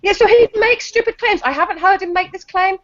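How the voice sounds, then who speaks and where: Combative woman, high voice. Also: a little fast, a bit bright. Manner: combative, talks over others. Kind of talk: heated online debate. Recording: dull lo-fi call audio.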